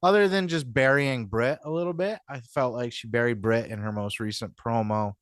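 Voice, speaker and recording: A man's voice: medium pitch, normal speed, dry recording, clean studio sound. Rambling, profane male podcast host. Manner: rambling, profane, repeats "you know what I mean"; acts out quotes in mock voices. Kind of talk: casual commentary monologue.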